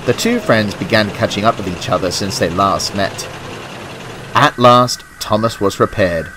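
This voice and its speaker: Low-voiced man telling a storybook tale. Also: measured pace, background noise. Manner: gentle, expressive storytelling. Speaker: narrator. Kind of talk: storybook narration. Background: music.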